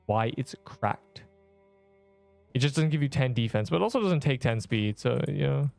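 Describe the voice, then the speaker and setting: A man's voice: mid-range voice, animated, moderate pace, creaky, darkish tone, soft background music. A young man chatting casually with his viewers while he plays a video game, rambling and slangy. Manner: rambling, slangy, talks to chat while playing. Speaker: streamer. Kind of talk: casual gaming livestream chat.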